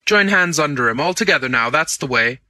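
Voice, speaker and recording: A man voicing a brisk aristocratic lord who gives clipped, commanding orders. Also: on the high side, expressive, pushed and bright, dry recording, studio quality.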